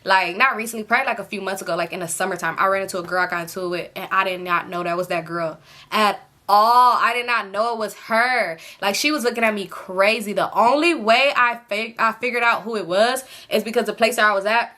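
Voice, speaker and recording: A woman's voice: mid-range voice, a little fast, sharp tone. A woman in her late twenties telling a personal story to her viewers in a candid, chatty way, talking to them directly and swearing freely. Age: late 20s. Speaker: storytime vlogger.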